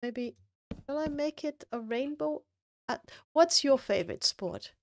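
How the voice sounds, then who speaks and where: A woman live-streaming a game, chatting with her viewers in a slow, relaxed way and thinking aloud with plenty of ums. Her voice sits a bit high, and the close microphone sounds dry, with no room sound. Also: dry recording. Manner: chatty, thinks aloud, answers chat, many fillers. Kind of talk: casual live-stream chat.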